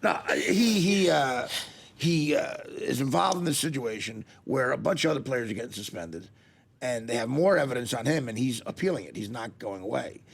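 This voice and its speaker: A man's voice: medium pitch, lively intonation, moderate pace, vocal fry, a little hiss or hum. A man hosting a talk show, joking and teasing his guest and laughing often. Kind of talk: casual talk-show banter.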